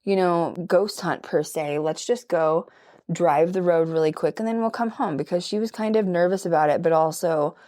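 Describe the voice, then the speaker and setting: With a lowish, dark voice at a moderate pace, a young woman from Colorado spins a ghost story for her paranormal vlog as she does her makeup. She's chatty and emphatic, tossing in "like" and "okay?" constantly.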